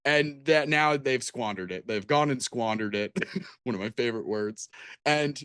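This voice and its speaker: A man's voice: medium pitch, moderate pace, fairly bright tone, smooth, no room sound. Podcast guy rambling casually about his game, dry close mic. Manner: rambling, full of "like"s and restarts. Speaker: podcast co-host. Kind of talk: casual chat about tabletop games.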